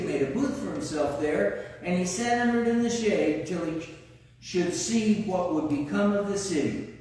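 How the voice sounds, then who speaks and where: A man's voice: high voice, darkish tone. A man preaching a sermon in a conversational way, often asking his congregation rhetorical questions. He is recorded in a church sanctuary from a distance. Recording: echoey church hall, far-off mic.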